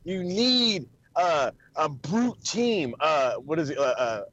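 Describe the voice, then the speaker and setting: A man co-hosting a podcast in casual chat, rambling, swearing freely and getting excited. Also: a little high, slow, lo-fi sound. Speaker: podcast co-host.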